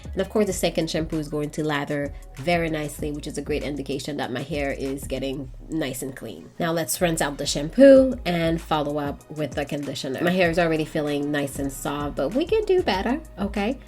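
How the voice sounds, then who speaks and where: Young woman, stuffy congested voice, sassy chatty hair vlog, lowish voice, soft music behind. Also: expressive, a little fast, hardly any pauses. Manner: playful, sassy asides to viewers. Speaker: hair vlogger. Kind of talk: casual chatty hair tutorial.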